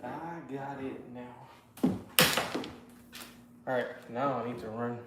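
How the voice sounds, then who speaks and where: A man's voice: mid-range voice, steady tone, takes it slowly, reverberant, very noisy. A man hosting a live stream while working in his garage, telling stories and joking with chat. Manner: joking storyteller, talks to chat, slangy. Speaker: livestream host. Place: garage workshop.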